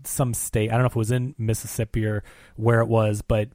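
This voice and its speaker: A podcast host chatting casually about films, giving animated, emphatic opinions. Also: male voice, on the low side, a little fast, dry recording, studio quality. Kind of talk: casual film discussion.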